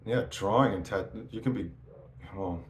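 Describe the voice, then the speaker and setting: Low-voiced man, swears a lot, rambling casual story, echoey room, faint hiss. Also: moderate pace. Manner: profane, rambling, restarts often. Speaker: interviewee.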